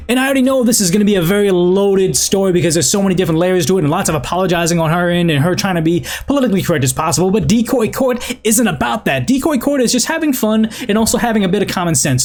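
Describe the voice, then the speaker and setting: A man with a Boston accent hosts a show where he reads online stories aloud, then gives rambling, opinionated commentary full of restarts. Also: high-pitched. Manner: rambling, many restarts and fillers. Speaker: host reading and judging online stories.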